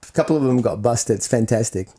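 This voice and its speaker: A man's voice: mid-range voice, fast, breathy edge. A man hosting a casual chat, telling comic stories with a lot of laughter and acting out other people's lines. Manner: animated storyteller who acts out relatives' lines and laughs often. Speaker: comedian podcast host.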